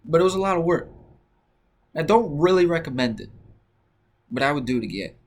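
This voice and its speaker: A man's voice: fairly high pitch, fairly quick. Casual young man telling a story. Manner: relaxed, rambling with many fillers.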